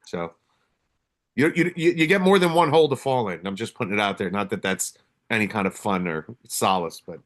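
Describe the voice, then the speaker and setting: A man's voice: on the low side, expressive, fairly quick, a bit bright. A man, a police officer hosting a podcast, telling stories candidly in casual conversation and swearing now and then.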